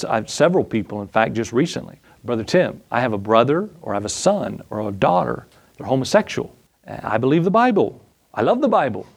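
A man preaching a sermon as a Bible teacher. He reads scripture aloud, asks his listeners questions and drives his points home with emphasis. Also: darkish tone. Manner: emphatic exhortation, pitch jumps up on key points.

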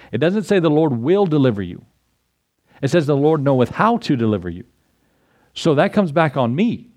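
A middle-aged man preaching a sermon to his congregation in a conversational way, often checking in with "right?" and adding quick asides. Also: a little high, a little mellow. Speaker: pastor.

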